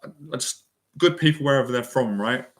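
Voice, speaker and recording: A man's voice: mid-range voice, animated, brisk. A man giving a motivational talk as an anxiety and confidence mentor, earnest and emotional, repeating phrases for emphasis. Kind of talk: motivational monologue.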